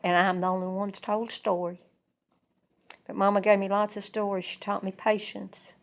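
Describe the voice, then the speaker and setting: A woman telling a personal family story in plain, unhurried present-tense sentences. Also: medium pitch, flat delivery. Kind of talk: oral storytelling.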